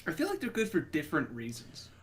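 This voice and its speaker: A man co-hosting a gaming podcast in casual chat, dropping dry, deadpan quips. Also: fairly high pitch, fast. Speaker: podcast co-host.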